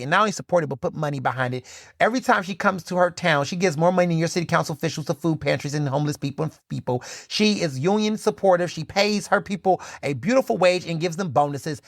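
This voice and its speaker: A man hosting his own podcast, talking in a casual, sassy and animated way and speaking straight to his listeners. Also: fairly high pitch, no room sound, studio quality. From Philadelphia, USA. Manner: animated, sassy, conversational, addresses listeners as "y'all". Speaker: podcast host. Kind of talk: casual solo commentary.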